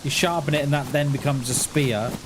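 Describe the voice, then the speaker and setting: Streaming a game, this man talks fairly quickly in a mid-range voice with fairly even intonation. The casual chat rambles along, full of chuckles and jokes at his own expense. There's noise in the background.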